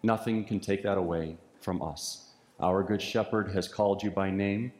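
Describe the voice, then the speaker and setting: A pastor preaching a sermon with an earnest, repetitive preaching cadence, heard in a church sanctuary. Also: male voice, low voice, fairly even intonation, moderate pace, darkish tone. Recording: echoey church hall with long reverb.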